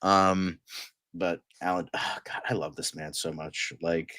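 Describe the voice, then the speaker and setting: A low-pitched man rambles and gushes through casual chat, stacking filler words as he goes. He sounds tired and a bit delirious from the late hour. The recording is dry and close, with almost no room sound. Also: flat delivery, a little slow, sharp tone, no echo. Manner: gushing, rambling with many fillers.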